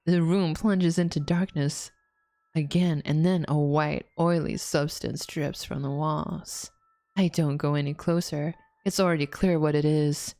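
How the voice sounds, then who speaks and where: A VTuber streamer with a low, darkish voice plays a story game casually, reading its text aloud slowly with fairly even intonation. She laughs often and exclaims when the plot twists.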